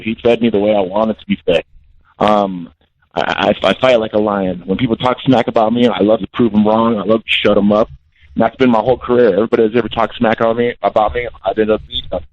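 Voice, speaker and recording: A man's voice: fairly low pitch, dry recording. A man in his forties calling in by phone to an interview, talking bluntly and intensely and repeating himself. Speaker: guest fighter calling in. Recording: dull lo-fi call-in audio.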